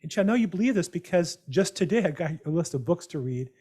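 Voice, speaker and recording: Animated man telling rambling stories. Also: high voice, quick pace, husky. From United States. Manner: animated, rambling anecdotes with many restarts. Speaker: host of a real estate mastermind call. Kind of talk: casual storytelling on a video call. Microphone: video call.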